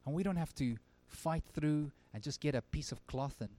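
A male pastor preaching a sermon at a church service, earnest, swinging from emphatic lines to very quiet ones. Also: a little high, moderate pace, no echo.

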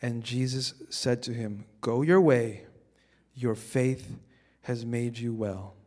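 A man preaching a sermon in a conversational way, often repeating words as he starts a sentence and moving between quiet scripture reading and emphatic peaks. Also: medium pitch, takes it slowly. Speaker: pastor.

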